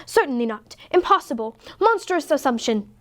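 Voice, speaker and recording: A woman's voice: sits high, very animated, normal speed, a bit bright. A woman reading aloud, voicing a stern, fussy male bear who speaks in a pompous, formal way.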